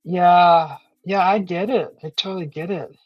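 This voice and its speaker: A middle-aged woman chats on her live stream, her voice still sickly from a sore throat. She speaks slowly in a lowish voice, rambling and laughing as she greets viewers. The sound is dry and a little dull, with faint music behind her. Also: steady tone, dry recording. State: sick, throat still weak. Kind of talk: casual live stream chat. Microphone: computer microphone for live stream.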